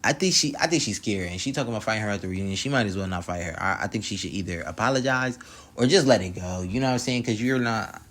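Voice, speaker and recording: Male YouTube reviewer, lower register, loose slang-heavy recap commentary that rambles and addresses the viewer. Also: fast, fairly bright tone. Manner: slangy, rambling, keeps asking "you feel me". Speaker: YouTube reality-show reviewer. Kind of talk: casual episode recap and commentary.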